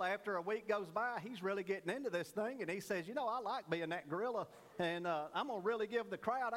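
A man's voice: high voice, long reverb tail. A man preaching a sermon, telling a folksy joke story and then teaching earnestly about prayer. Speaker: pastor.

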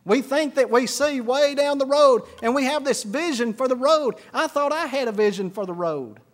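A middle-aged man preaching a sermon, telling stories and swinging from hushed to shouting. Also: very high-pitched, expressive, moderate pace. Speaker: pastor.

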